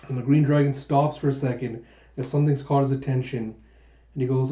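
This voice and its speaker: A man's voice: medium pitch, steady tone, a little fast, mellow. A man casually reading a manga aloud and reviewing it, often stopping to correct character names. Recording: echoey room, dull sound.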